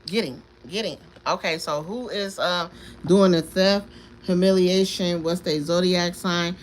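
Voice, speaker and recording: A woman's voice: lowish voice, steady tone, unhurried. A woman reads tarot in a loose, rambling live stream. She talks emphatically, repeats single words again and again, and laughs often. Faint noise hums behind her. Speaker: tarot reader.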